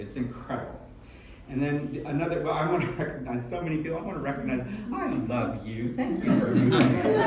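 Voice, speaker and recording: Chatty man hosting in an echoey hall. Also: on the high side. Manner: effusive, chatty, laughs often. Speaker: event host. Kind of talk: live stage introductions. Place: small event hall in a music school. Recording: echoey room from far off, noisy.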